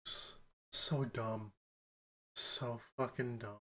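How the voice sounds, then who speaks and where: A man co-hosting a podcast in casual chat, an animated storyteller who acts out quotes and laughs often. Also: medium pitch, very slow. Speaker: podcast co-host.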